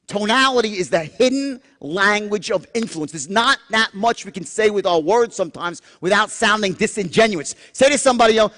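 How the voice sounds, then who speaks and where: High-pitched, lively male sales trainer, profane, swings into whispers, reverberant hall. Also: brisk, hardly any pauses. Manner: animated, profane, acts out tones with sudden whispers. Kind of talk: live seminar talk. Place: large seminar room.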